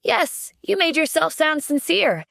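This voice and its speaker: A woman voicing a calm, stern young man who heads a security department, speaking firmly in an audio drama. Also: high voice, measured pace, vocal fry, dry recording, studio quality, pitched above the performer's own voice, exaggerated voice. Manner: cool, firm, demanding. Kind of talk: audiobook character voice.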